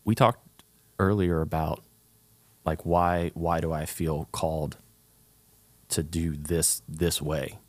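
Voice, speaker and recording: Earnest young man with a very low voice. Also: level tone, takes it slowly, pauses often, no room sound. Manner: earnest, rambling with many fillers and restarts. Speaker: guest, worship leader. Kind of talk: casual interview chat.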